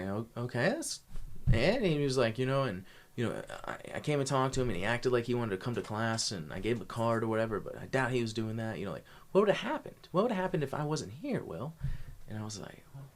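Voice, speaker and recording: A man's voice: medium pitch, very animated, fast talker. A young man telling a long story as a podcast guest, rambling with many restarts. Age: young adult. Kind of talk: casual storytelling.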